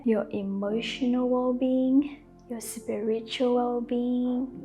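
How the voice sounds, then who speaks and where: A young woman talks softly and casually, with a mellow, somewhat high voice. She laughs easily and often says "like" as she gives gentle advice. Faint music plays behind her. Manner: gentle, soft-spoken, laughs often, uses "like" a lot. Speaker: lifestyle vlogger. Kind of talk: casual advice talk to camera.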